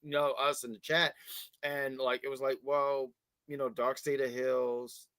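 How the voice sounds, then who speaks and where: A man's voice: medium pitch, a little slow, clear, resonant tone, no echo. A man co-hosting a wrestling review show, talking casually and with feeling, often repeating his words as he starts a thought. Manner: animated, repeats words, baby-talks to his cat.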